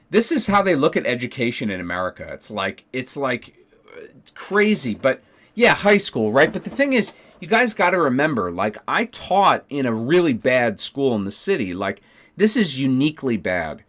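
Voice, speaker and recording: A young man who streams, telling a story to his viewers in a heated, profane rant that swings from loud outbursts to low mutters. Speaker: streamer and former teacher.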